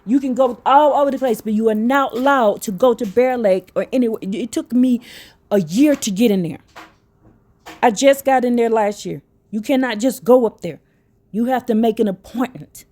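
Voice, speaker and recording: A fairly high, mellow woman's voice delivers a livestreamed religious teaching. She reads passages aloud, then breaks off into excited asides that speak straight to her listeners. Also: normal speed.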